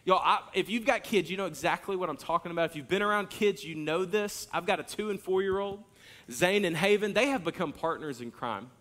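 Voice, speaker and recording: Bright, lively preacher man. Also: high-pitched, fairly quick. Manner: animated storytelling, acts out hollering and kids' lines. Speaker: pastor. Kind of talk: sermon. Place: church sanctuary.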